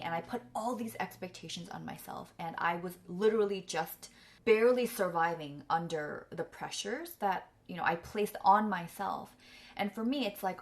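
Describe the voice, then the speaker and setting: Tearful woman, candid and low-voiced. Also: moderate pace. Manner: candid, filler-heavy, on the verge of tears. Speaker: vlogger and coach. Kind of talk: emotional personal storytelling.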